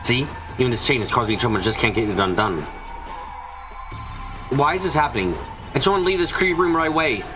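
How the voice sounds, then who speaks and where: Male streamer reading visual novel narration aloud, steady mid voice, music underneath. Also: medium pitch, fast, long pauses. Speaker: let's play reader voicing a visual novel. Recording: music playing behind.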